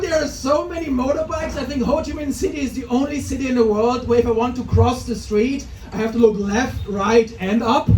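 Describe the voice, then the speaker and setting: A man's voice: very high voice, darkish tone. An Austrian man in his forties doing a self-mocking stand-up set at an open mic, laughing at his own jokes. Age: 40s. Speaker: stand-up comedian. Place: comedy club open mic. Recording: echoey club room, mic heard from a distance.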